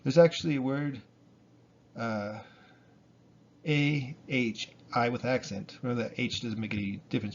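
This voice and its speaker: Man, teacher, gravelly husky voice, relaxed explaining, dull lo-fi recording. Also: medium pitch, normal speed. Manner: relaxed, explains with fillers and repetition. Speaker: Spanish teacher. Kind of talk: casual spoken lesson.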